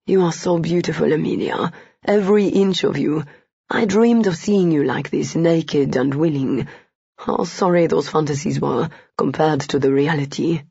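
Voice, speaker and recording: A woman voicing a gruff, commanding young gentleman lover, lowering her voice. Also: normal speed, no echo, exaggerated voice. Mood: tender. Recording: dull, lo-fi.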